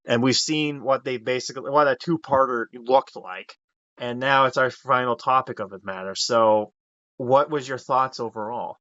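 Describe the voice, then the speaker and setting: A man co-hosting a casual podcast, teasing his co-host and retelling plots with animated voices. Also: mid-range voice, moderate pace, no echo. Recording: dull lo-fi dry mic.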